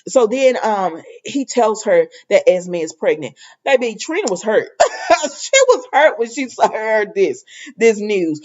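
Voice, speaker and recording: A woman hosting a casual soap opera recap, chatty and animated, laughing as she retells scenes in quoted dialogue. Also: medium pitch, measured pace, highs cut off.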